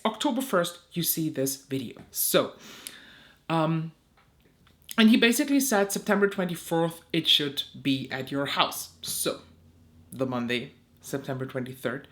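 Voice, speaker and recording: A woman's voice: fairly low pitch, expressive, moderate pace. A young woman, a beauty content creator, telling an exasperated story in a casual vlog, swearing often and acting out both sides of phone calls.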